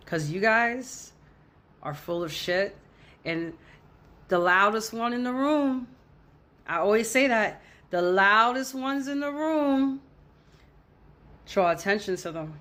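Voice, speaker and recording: A woman's voice: medium pitch, unhurried, long pauses, a bit bright. A woman filming an angry reaction rant to camera, heated and profane, repeating her points for emphasis. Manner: heated, profane, repetitive ranting. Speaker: social media commentator.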